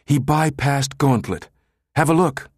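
A man voicing a sharp, bossy young woman who talks with exasperated, pointed delivery. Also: fairly high pitch, a little slow, no echo, studio quality, voice pushed up.

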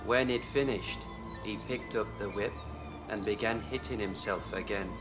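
An actor playing a stunned working man recounting what he saw, slow and measured. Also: lowish voice, over music, lightly acted. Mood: shaken. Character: stunned male eyewitness worker, plain spoken.

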